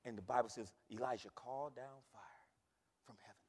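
A male pastor preaching a sermon, swinging from hushed asides to shouted calls. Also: mid-range voice, fairly even intonation, fairly quick, slightly rough, long reverb tail.

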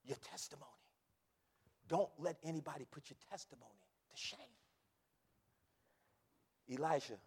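A male pastor preaching a sermon, swinging from hushed asides to shouted calls. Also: on the high side, normal speed, pauses often, slightly rough, in a large hall.

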